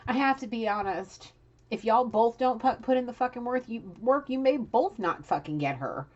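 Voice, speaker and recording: A woman giving a casual tarot reading, blunt and profane, scolding and animated as she talks. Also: on the high side, moderate pace, lo-fi sound. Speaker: tarot reader.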